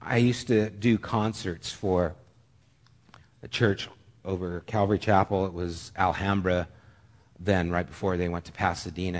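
A middle-aged man with a lowish voice preaches a sermon, telling a personal story earnestly. His delivery is halting, with frequent restarts.

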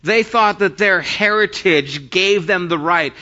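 Male pastor, slow deliberate sermon delivery, brightish voice, reads scripture then retells it casually; muffled lo-fi audio. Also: high-pitched. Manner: reads scripture aloud, then retells it in plain everyday speech.

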